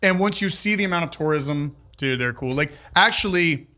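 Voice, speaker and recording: A man who owns the building, telling stories in an animated, casual way at a live podcast and acting out the people he quotes. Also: on the high side, normal speed. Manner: animated storyteller, acts out quotes. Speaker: building owner. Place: large old building, live audience.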